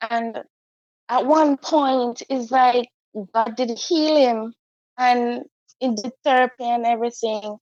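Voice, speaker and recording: A woman's voice: a little high, fairly even intonation, a little mellow, dry recording. Woman telling her story. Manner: halting, heartfelt, repeats herself. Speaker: guest. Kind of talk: personal storytelling. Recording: dull, dry lo-fi recording.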